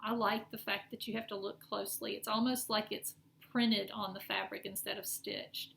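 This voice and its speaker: This middle-aged woman's medium-pitched voice is gravelly and fairly bright, delivered flatly at a moderate pace. She rambles through a casual show-and-tell of her cross-stitch projects on a vlog, correcting herself, in an echoey room with some faint noise.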